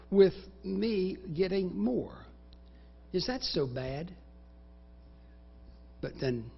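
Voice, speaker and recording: Slow, gravelly-voiced preacher. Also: male voice, on the high side, big pitch swings, muffled recording, slight background noise. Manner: dramatic, acts out inner voices in first person; recites scripture in slow, measured phrases. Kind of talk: sermon. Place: church sanctuary.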